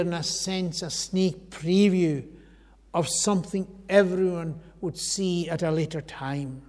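Earnest preacher in a reverberant hall. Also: male voice, on the high side. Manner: earnest, swells loud then drops to a hush. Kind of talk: sermon.

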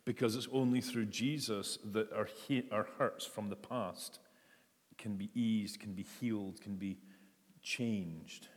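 A man's voice: fairly low pitch, steady tone, slow pace, in a large hall. A man preaching a sermon in a conversational, searching way, often restarting his sentences. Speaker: pastor.

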